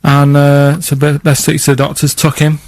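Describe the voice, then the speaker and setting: Man, 30s, Northern English accent, deadpan, hesitant rambling, dry mic. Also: on the high side, moderate pace, no echo. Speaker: radio show regular. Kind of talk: comedy radio banter.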